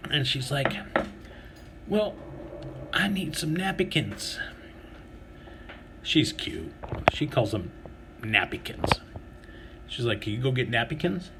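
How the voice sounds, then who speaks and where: A foul-mouthed man rants through an everyday story, sarcastic and crude, bursting into louder acted-out quotes. His voice sits at an ordinary pitch. Steady background noise runs under the recording. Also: takes it slowly, pauses often. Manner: crude, sarcastic, swears constantly, acts out quotes in raised voice. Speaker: vlogger. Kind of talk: profane comic storytelling rant.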